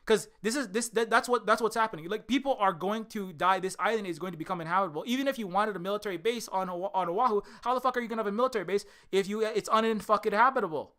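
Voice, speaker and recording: Loud, profane ranting streamer. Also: medium pitch, very fast, hardly any pauses. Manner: loud, profane, swings from shouting to muttering. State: strained vocal cords. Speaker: indie game developer streaming. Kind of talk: angry ranting livestream.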